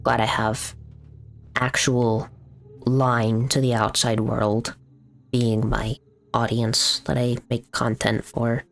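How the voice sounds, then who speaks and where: A man's voice: mid-range voice, flat delivery, slow pace, gravelly, a bit bright. A young man talking casually on a live stream, venting in a rambling, profane way with lots of fillers.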